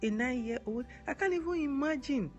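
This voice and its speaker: Here the same Nigerian advocate sounds animated and fairly quick, her high voice set against soft background music. On her live stream she answers viewer comments in earnest, going over key words again and spelling a few out.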